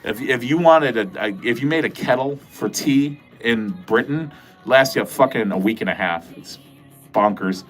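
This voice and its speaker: A man's voice: medium pitch, normal speed, fairly bright tone, faint music behind. Nasal Midwestern man rambling to chat. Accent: Midwestern American. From American Midwest. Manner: rambling, profane, joking to chat. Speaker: livestream host. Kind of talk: casual livestream chat.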